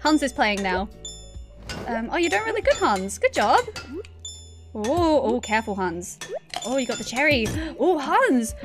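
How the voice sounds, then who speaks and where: Over background music, a woman gives casual live-stream commentary as she plays video games, frequently giggling and answering the characters on screen. Her fairly high voice swings widely in pitch and moves a little slowly.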